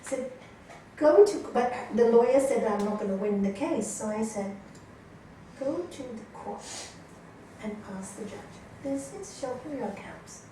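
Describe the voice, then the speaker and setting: With a fairly high voice and moderate pace, a woman yoga teacher animates stories for her class, acting out the people she quotes. The recording, made at a distance in an echoey teaching room, has slight background noise.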